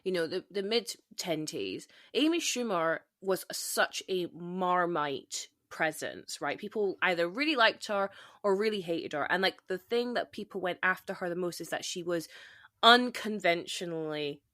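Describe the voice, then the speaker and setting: A woman's voice: fairly low pitch, moderate pace, fairly bright tone, no echo, studio quality. A woman hosting a podcast, talking in a chatty, casual way with frequent swearing and many short agreeing replies. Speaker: podcast host.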